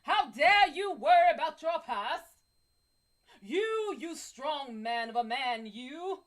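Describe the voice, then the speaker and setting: A woman's voice: high voice, expressive, slow, a bit bright, exaggerated voice. A woman putting on a gushing mock-British sweetheart. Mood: doting. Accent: put-on British. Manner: theatrical, adoring, scolding. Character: gushing doting woman praising her man.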